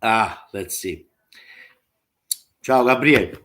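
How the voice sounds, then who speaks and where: A man's voice: fairly low pitch, lively intonation, slow pace, background noise. Chatty man teaching drums. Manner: chatty, scats drum patterns aloud. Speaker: drum teacher. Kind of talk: live online drum lesson. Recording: roomy, with drumming behind.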